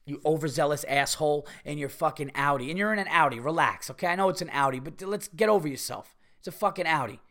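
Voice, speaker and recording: A man's voice: on the high side, fast, hardly any pauses, a bit bright. A man hosting a solo comedy podcast, ranting with heavy profanity about things that annoy him. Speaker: podcast host. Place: home.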